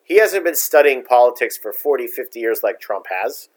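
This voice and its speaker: A man's voice: mid-range voice, expressive, moderate pace. Blunt, ranting middle-aged man. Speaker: podcast co-host. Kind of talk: casual political chat.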